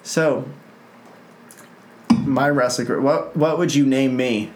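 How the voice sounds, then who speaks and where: An easygoing man with an Oklahoma country accent trades dry remarks on a casual home podcast. His voice is mid-pitched and bounces around an echoey room over faint background noise. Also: slow pace. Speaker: podcast co-host. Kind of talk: casual chat.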